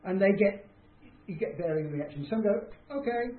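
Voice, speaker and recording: A man speaks to a small group in an informal, conversational way, poking fun at himself and acting out how people reacted. His voice sits high at a normal speed, and the recording is tinny and roomy with a faint hiss.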